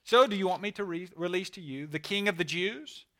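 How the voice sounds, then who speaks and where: Man reading a Roman governor: pressing questions, forceful and bright. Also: sits high, expressive, a little fast, voice pushed up. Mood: questioning.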